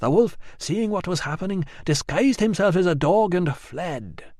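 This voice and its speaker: Man, audiobook narrator, measured expressive reading, somewhat high voice, dry close sound. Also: no room sound. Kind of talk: scripted narration.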